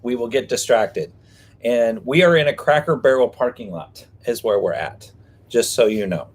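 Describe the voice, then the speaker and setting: A man's voice: medium pitch, expressive, normal speed. Jokey guy chatting on a live stream from his parked rv, goofy and easygoing. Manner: playful, jokey, rhyming name games. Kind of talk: casual live-stream chat. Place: parked vehicle behind a restaurant.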